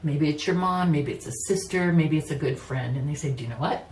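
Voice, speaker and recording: Recorded from a distance in an echoey room with faint ambience, this woman reads tarot in a relaxed, personal way, chatting freely, laughing readily and leaning on "you know." She speaks fairly quickly in a low-pitched, darkish voice, with slight background noise.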